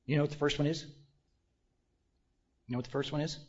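A man preaching a sermon, leading the congregation in call-and-response and swinging between loud exclamations and hushed asides. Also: fairly high pitch, fairly even intonation, fast talker, dull audio.

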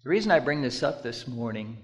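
A middle-aged man preaching a sermon, moving between loud storytelling and hushed, deliberate emphasis with drawn-out repetitions. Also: medium pitch, very animated. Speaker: pastor.

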